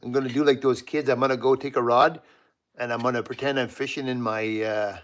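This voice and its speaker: A man's voice: medium pitch, fairly even intonation, a little fast. A Canadian man hosting a live stream from his home workshop, chatting casually and greeting viewers by name while he works. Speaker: livestream host.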